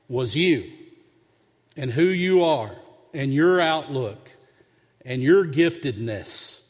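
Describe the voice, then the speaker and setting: A male pastor preaching a sermon, telling a humorous story with an earnest, conversational manner. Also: on the high side. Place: church sanctuary. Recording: long hall reverb.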